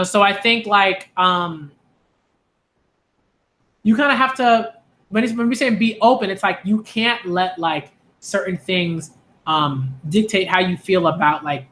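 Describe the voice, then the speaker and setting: A man's voice: high voice, a little slow, pushed and bright, slight background noise. A young man from Queens, talking casually to camera in a rambling way, full of "like" and "um" and restarts. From Hollis, Queens, New York. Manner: rambling, many fillers and restarts. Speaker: anime and manga video host.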